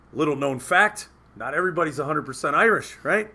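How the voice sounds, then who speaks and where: A man's voice: fairly high pitch, expressive, a little fast, gravelly, breathy edge. A man hosting a radio talk show, telling rambling, profane anecdotes in casual banter. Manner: profane, rambling anecdotes with loud quoted outbursts.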